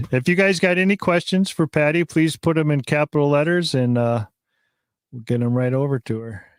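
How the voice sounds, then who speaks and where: A man hosting a live podcast, talking casually and excitedly, with many fillers and restarts. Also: on the high side, normal speed, clean tone, no room sound, clean studio sound. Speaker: podcast host.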